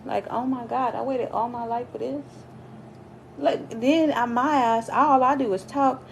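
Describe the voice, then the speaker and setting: Ranting through a casual storytime, this animated woman vlogger swears freely and speaks unhurriedly with vocal fry, her voice leaping high and loud whenever she gets worked up. The audio is poor, with slight background noise.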